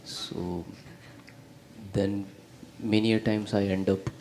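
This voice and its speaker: Low-voiced man asking a hesitant question. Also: little pitch movement, slow, a little mellow, slight background noise. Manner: polite, hesitant, many fillers. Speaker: audience member asking a question.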